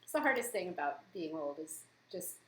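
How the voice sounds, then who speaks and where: Woman in her 40s, lively pitch, echoey room with faint hiss. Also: brisk. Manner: playful, teasing asides. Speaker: co-host. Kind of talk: casual live-stream chat.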